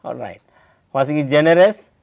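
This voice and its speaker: A man's voice: a little high, moderate pace, vocal fry, darkish tone, dry recording, clean studio sound. A man with an Indian English accent teaching an English lesson, asking a student questions and explaining step by step.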